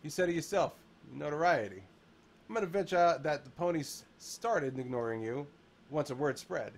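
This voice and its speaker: A man voicing a bold young male protagonist, read flatly from a fan-fiction text. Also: fairly high pitch, moderate pace. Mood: earnest.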